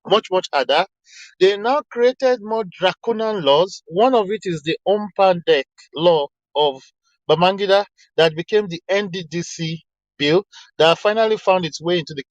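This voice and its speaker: Emphatic man, higher voice. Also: dry recording. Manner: earnest, emphatic, frequent restarts. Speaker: speaker in an online discussion room. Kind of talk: casual argumentative talk quoting texts. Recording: slightly dull lo-fi online audio.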